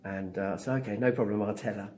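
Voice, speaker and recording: Middle-aged guy with a lowish voice telling his story, acts out the dialogue, lots of ums. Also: fairly even intonation, fast, a little mellow. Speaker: interview guest, psychic medium. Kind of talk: storytelling in an interview.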